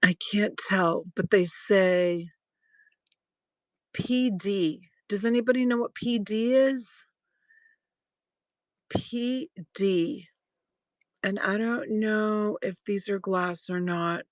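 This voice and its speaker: A woman's voice: mid-range voice, steady tone, no echo. Rambling, laughing woman selling live. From Boston. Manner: rambling storyteller, laughs often, quick asides. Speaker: live-sale host. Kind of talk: casual live-stream sales chat.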